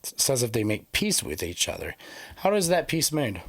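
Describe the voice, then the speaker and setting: A man's voice: medium pitch, very animated, moderate pace, a bit bright, breathy edge, no echo. A man co-hosting a casual podcast, reading scripture passages aloud and then musing and joking about them. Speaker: podcast co-host. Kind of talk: casual religious discussion podcast.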